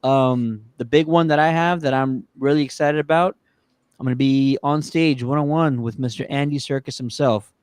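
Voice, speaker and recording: A man's voice: medium pitch, fairly even intonation, normal speed, darkish tone, clear, resonant tone, no echo, clean studio sound. A man hosting a podcast in casual chat, upbeat and promotional, with frequent restarts. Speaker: podcast host.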